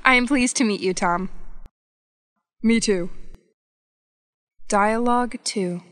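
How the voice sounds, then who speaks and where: Slow woman reading practice dialogues. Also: a little high, fairly bright tone, dry recording, clean studio sound. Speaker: English lesson narrator. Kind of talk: scripted dialogue reading for learners.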